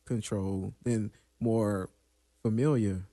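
A co-host on a casual podcast with a mid-range voice, recorded dry and close. The remarks are short and wry, and the pace is unhurried. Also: mid-range voice, fairly even intonation, warm tone, no echo.

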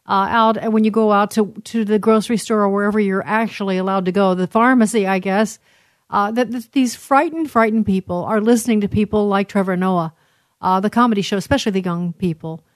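A talk show host rambles through commentary on news clips, often pausing and restarting. She is a woman with a mid-range voice, and the recording is dry with no room sound. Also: medium pitch, dry recording. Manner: rambling, many fillers and restarts.

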